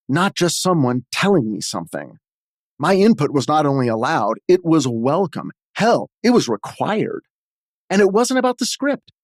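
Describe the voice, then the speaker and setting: Deadpan, self-mocking male narrator. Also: medium pitch, no echo, studio quality. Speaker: host and screenwriter. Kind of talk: scripted comic memoir narration.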